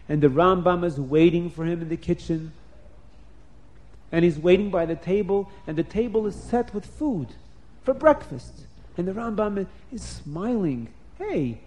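A man telling a story to children, animated and stopping to explain words. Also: on the high side.

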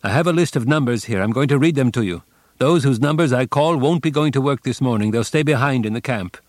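A man's voice: medium pitch, quick pace, dry recording, close to an everyday voice. A man voicing a block leader who curtly reads an announcement to prisoners.

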